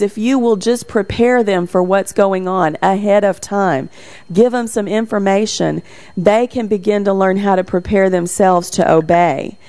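A woman's voice: mid-range voice, a little mellow. Middle-aged woman giving a parenting talk. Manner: anecdotal, acts out quotes with livelier voice. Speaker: parenting speaker.

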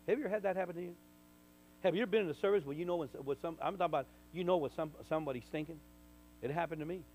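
A man, a minister, telling a personal testimony in conversation, full of restarts and sudden loud bursts. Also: fairly high pitch, a little hiss or hum, poor audio. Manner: animated storyteller, stammering restarts, bursts loud when quoting. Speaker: minister, guest.

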